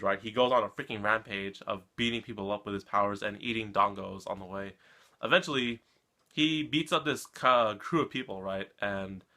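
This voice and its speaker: Man, anime reaction vlogger, bright tone, rambling recap, keeps checking in with the listener. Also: lowish voice. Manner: rambling, keeps tagging "right?". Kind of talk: casual episode recap.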